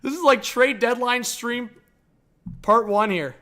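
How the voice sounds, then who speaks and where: Excitable high-voiced male streamer. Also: slow pace. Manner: excitable, swings from mumbles to shouts; chats to viewers and his dog. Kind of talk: live-stream reaction commentary.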